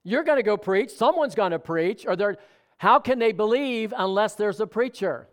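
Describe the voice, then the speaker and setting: With a high-pitched, animated voice at normal speed, a male pastor delivers a sermon in a conversational style, often asking questions of his congregation.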